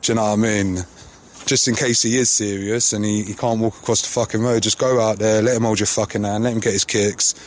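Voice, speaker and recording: A man's voice: lowish voice, little pitch movement, fairly quick. Slangy man telling a story. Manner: slangy, swears freely. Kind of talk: casual anecdote.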